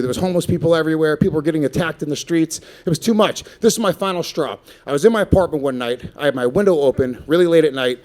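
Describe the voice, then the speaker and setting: A thirty-something comedian does brash, foul-mouthed stand-up, working the crowd on a stage mic in front of a live audience whose laughter is audible. His voice runs a little high and a little mellow, with slight background noise.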